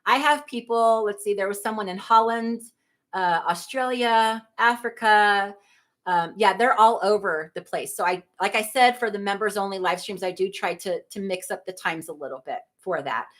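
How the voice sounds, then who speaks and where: A woman's voice: mid-range voice, moderate pace, fairly bright tone. A middle-aged woman hosting a livestream, chatting casually, reading viewer comments, rambling and laughing often. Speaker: livestream host.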